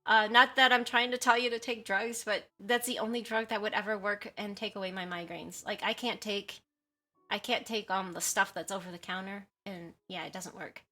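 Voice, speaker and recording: Bright-voiced chatty woman streamer. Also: medium pitch, fairly even intonation, normal speed. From US West Coast. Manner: chatty, giggly, reads chat aloud. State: has a headache. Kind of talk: casual livestream chat.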